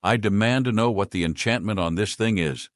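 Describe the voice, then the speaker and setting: A man voicing an agitated young woman mage who yells and growls in a raised voice. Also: low voice, lively intonation, moderate pace, no room sound, clean studio sound. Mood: angry. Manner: yelling, agitated. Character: furious young woman mage, shrill temper.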